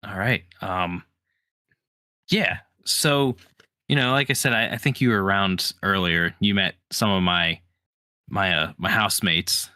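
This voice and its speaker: A man's voice: low-pitched, unhurried, bright, forceful tone, clear, resonant tone, dry recording, studio quality. A man playing a tabletop game, talking in a laid-back, hesitant way with lots of fillers. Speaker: player. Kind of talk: casual tabletop role-play.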